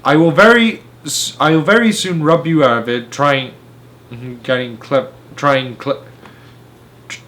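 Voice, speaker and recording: Reading from a storybook, a man takes on the role of an enormous, domineering headmistress, bellowing at a pupil and sneering with scorn. He pitches his voice fairly high and keeps the tone fairly bright, delivering the lines a little slowly.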